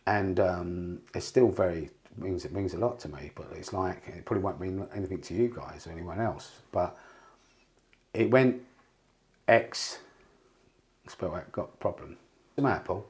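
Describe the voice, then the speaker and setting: A man's voice: deep voice, moderate pace, pauses often, darkish tone. A man, a podcast guest, telling rambling, candid stories with frequent swearing and restarts. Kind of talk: candid storytelling interview.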